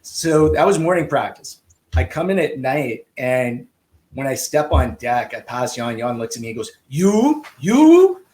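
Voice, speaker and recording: A male swim coach as a podcast guest, telling anecdotes casually and acting out quoted dialogue, with halting restarts on heavy moments. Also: mid-range voice, poor audio. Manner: lively, acts out quoted dialogue.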